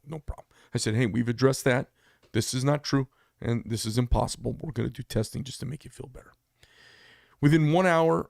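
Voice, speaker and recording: Blunt, gravelly man. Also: medium pitch, a little mellow, no room sound, clean studio sound. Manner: blunt, heated, storytelling with asides. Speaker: business owner talking to camera. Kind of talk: casual monologue.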